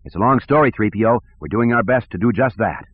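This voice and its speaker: A man's voice: fairly low pitch, quick pace, husky. Man voicing Luke, an earnest young pilot. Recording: tinny phone-like sound.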